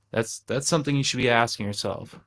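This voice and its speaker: Man hosting a trading livestream, animated. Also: medium pitch. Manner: animated, rhetorical questions, frequent "right?". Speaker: trading channel host. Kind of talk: casual livestream talk.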